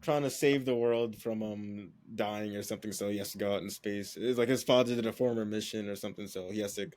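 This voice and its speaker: A man's voice: fairly low pitch, steady tone, darkish tone, no room sound. A man co-hosting a podcast, talking about movies in an easygoing way with "like" fillers. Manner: quick, easygoing, swears, "like" fillers. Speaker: podcast co-host. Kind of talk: casual movie chat.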